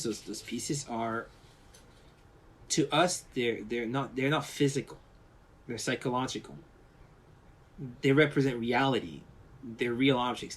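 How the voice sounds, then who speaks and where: A man's voice: medium pitch, husky. A man from France, a visual effects artist, telling stories in a casual interview with many restarts and acted-out quotes. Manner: animated storyteller, acts out quoted voices, many restarts.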